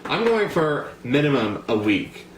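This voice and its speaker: A man's voice: medium pitch, very animated, measured pace, slight background noise. A young man from the United States vlogging to camera in a chatty, rambling way, full of fillers and asides. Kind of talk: casual talk to camera. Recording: echoey room, faint background ambience.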